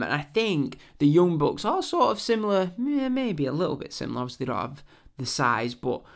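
A man's voice: mid-range voice, creaky. A young English man hosting a wrestling podcast, recapping a show in a chatty, rambling way with lots of ums. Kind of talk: casual show review.

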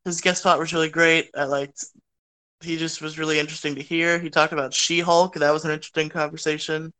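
Bright-voiced male podcast co-host. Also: fairly high pitch, flat delivery, fairly quick, clean tone. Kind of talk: casual chat.

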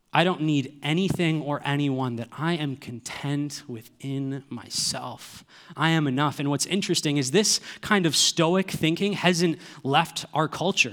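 A man's voice: a little high, fairly bright tone. A man, preaching a sermon earnestly and asking the listeners rhetorical questions. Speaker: pastor.

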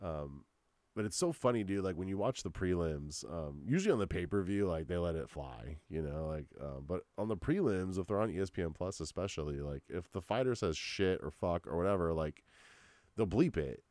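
Young man, solo podcast rant, low pitch, slangy and profane, dead dry room. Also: expressive, a little fast, a little mellow, no echo. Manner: profane, slangy rambling with lots of "dude" and "like". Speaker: podcast host.

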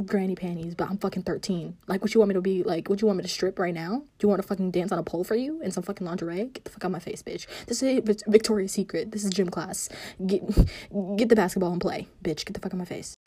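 A woman's voice: mid-range voice, quick pace, dark tone, breathy edge, dry recording. A woman ranting casually to camera, profane and rambling, scolding people who aren't there and dropping into sudden whispered asides. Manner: sassy, scolding an absent target. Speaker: vlogger. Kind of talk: casual rant.

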